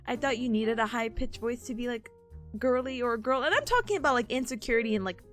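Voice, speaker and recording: A woman chats casually from home, giggling often as she rambles. Her voice sits high and swings widely in pitch. Faint music plays quietly behind her. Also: quick pace. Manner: animated, jumps into high-pitched impressions. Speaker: livestream host. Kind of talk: casual study-stream chat. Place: at home, seated.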